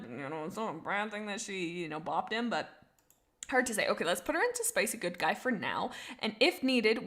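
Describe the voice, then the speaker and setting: A young woman in casual livestream chat, thinking out loud and answering her chat. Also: medium pitch. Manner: chatty, reads chat messages aloud, thinks out loud. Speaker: streamer.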